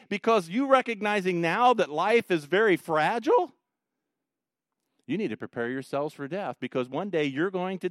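A male pastor preaches with a high, light voice, pressing his points hard and swinging between hushed passages and loud rising ones. The sound is close and dry, with no room around it. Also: smooth, no echo. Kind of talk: sermon.

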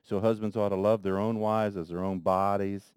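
A man preaching a sermon in a conversational way, talking straight to the men in the room and swinging between soft asides and loud emphasis. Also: lowish voice, little pitch movement, normal speed, smooth, no echo, studio quality. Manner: conversational, addresses men in the congregation directly. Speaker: pastor.

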